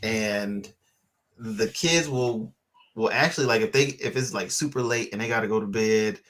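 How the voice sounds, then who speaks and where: A man's voice: fairly low pitch, moderate pace, a bit bright. A man co-hosting a church talk show, chatting casually and animatedly with plenty of fillers. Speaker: co-host. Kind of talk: casual chat.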